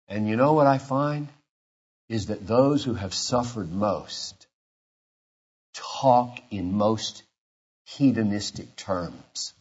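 A man in his fifties preaching a sermon, retelling scripture quietly and then building to shouted passion. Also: fairly low pitch, husky, lo-fi sound. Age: 50s. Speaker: pastor.

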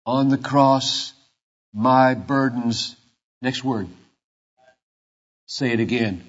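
Preacher, man in his fifties, husky, slow, dull lo-fi sound. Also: mid-range voice. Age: 50s. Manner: builds from a quiet storytelling tone to shouted passion. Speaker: pastor. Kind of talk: sermon.

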